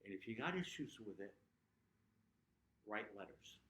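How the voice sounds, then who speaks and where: A man's voice: on the low side, big pitch swings, a little slow, bright, forceful tone. A man giving a motivational talk as a guest speaker at a club, earnest and prone to sudden emphatic bursts. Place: meeting room at a club. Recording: echoey room.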